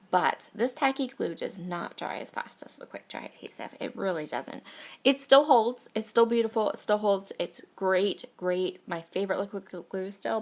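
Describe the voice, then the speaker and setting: A woman in her thirties, hoarse from a cold, chatting casually and gushing over cute things while she works on a scrapbooking project. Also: on the low side. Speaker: scrapbooking crafter. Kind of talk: casual crafting tutorial chat.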